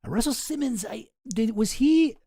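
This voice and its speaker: A man's voice: very high voice, lively intonation, moderate pace, creaky, mellow, no echo. A man streaming casual commentary from home, dry and skeptical, often trailing off into mumbles.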